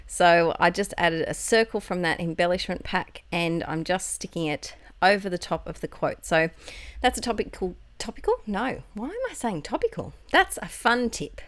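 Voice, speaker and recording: Chatty Australian woman, lowish voice. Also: animated, normal speed, dry recording. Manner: chatty, rambling, self-correcting with little laughs. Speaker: craft video creator. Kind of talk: casual voiceover narration. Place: home, recorded at night.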